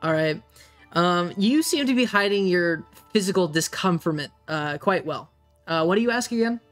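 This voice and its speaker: A game master describing the scene in a hesitant, meandering way, with frequent pauses, over soft music. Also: mid-range voice, animated. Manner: hesitant, many fillers. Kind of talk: narrating a tabletop game.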